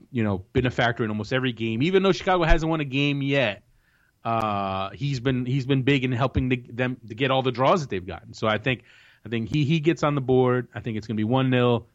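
A man's voice: medium pitch, quick pace. Chatty male soccer podcast host, lo-fi. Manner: chatty, opinionated predictions with frequent restarts. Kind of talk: casual sports chat. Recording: dull lo-fi recording.

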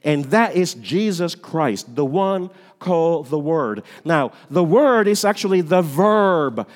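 A male pastor delivers his sermon with a lively, rising and falling voice and a fairly high pitch. He swings dramatically between loud declarations and hushed, near-whispered lines. The sound rings with the long reverb of a church sanctuary. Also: slow.

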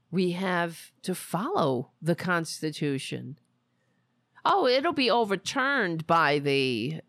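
A woman's voice: sits low, fairly bright tone, no room sound, studio quality. A woman hosting a political commentary podcast, talking in a sarcastic, mocking way. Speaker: podcast host.

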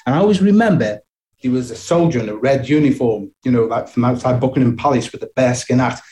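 Middle-aged man, warm low-key tone, reflective storyteller, chuckles, restarts. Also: brisk. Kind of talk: personal storytelling.

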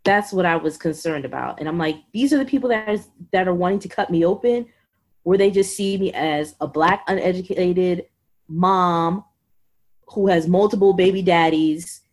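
A woman in her thirties, a podcast guest telling her own story in an animated, exasperated way. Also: lowish voice, normal speed. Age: 30s. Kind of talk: conversational storytelling.

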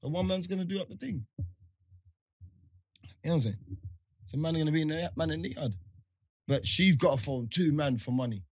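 A young man, telling a story in casual chat, animated and laughing often. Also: fairly high pitch, normal speed, pauses often, no echo.

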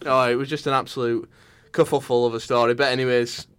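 A man's voice: mid-range voice, fairly even intonation, fast talker, hardly any pauses, smooth. Young man telling a rambling story. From northern England. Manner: rambling storyteller, laughing often. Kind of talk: casual chat.

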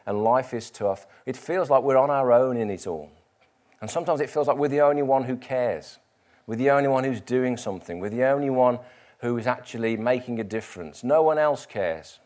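A man's voice: medium pitch, a little mellow. A middle-aged man preaching a sermon, telling a Bible story and asking the congregation rhetorical questions.

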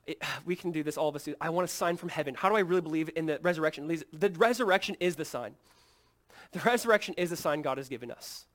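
Man, pastor, sermon, earnest, hushed to emphatic, acts out quotes, slightly high pitch. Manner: acts out quoted lines in a lively, casual way.

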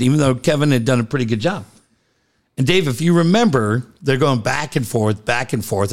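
A man hosting a casual talk show, telling a story full of swearing and acted-out quotes. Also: medium pitch. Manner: profane storytelling, animated quoted voices. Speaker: host. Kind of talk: casual chat.

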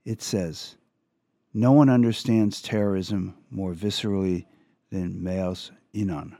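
Gravelly low-voiced male radio host. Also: mellow, no room sound. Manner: earnest, measured, with halting restarts. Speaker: radio talk show host. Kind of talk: reading an op-ed aloud with commentary. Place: radio studio.

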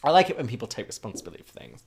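A man's voice: mid-range voice, very animated, very fast, breathy edge. A man co-hosting a podcast, chatting casually with sarcastic, rambling jokes. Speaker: podcast co-host. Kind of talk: casual recap chat.

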